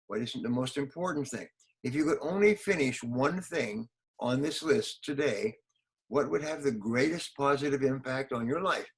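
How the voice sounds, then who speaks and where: A man's voice: medium pitch, low-quality recording. Emphatic older man giving motivational advice. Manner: emphatic, repeats key phrases, acts out quotes. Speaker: interview guest, motivational speaker. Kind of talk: conversational interview answers.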